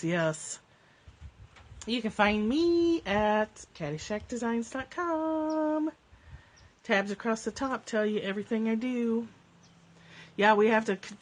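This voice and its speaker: Slow-talking woman on a home livestream. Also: medium pitch. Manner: reads passages slowly, laughs often, startled by her cats. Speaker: live-stream host. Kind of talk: casual spiritual livestream chat. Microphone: phone or webcam livestream.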